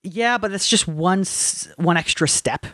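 A man's voice: high-pitched, a little slow, pushed and bright, no echo, clean studio sound. A man co-hosting a podcast, chatting casually in a blunt, profane and enthusiastic way. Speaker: podcast co-host. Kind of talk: casual chat.

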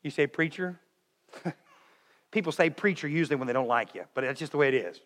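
Man preaching, middle-aged, fairly high voice, loud then hushed, long hall echo. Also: a little fast. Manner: shifts between loud urging and hushed tender lines. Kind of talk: sermon.

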